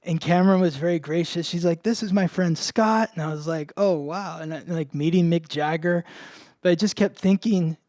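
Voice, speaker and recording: A man's voice: on the high side, fairly even intonation, fairly quick, mellow, no room sound, clean studio sound. A man co-hosting a podcast, telling a story in a casual chat full of "like" fillers. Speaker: podcast co-host, astrologer.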